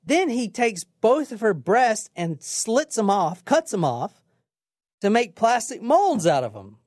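Lively, blunt woman telling a crime story. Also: on the high side, takes it slowly, no echo, studio quality. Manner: casual, blunt, swears, lively retelling. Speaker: podcast host.

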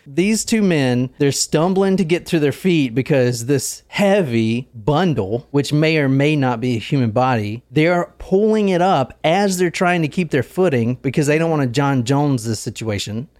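A man's voice: on the high side, expressive, moderate pace, few pauses, a little mellow, no room sound, studio quality. A young man hosting a podcast, telling a true crime story casually, joking and swearing. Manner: joking, swearing, laughs often. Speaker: podcast host.

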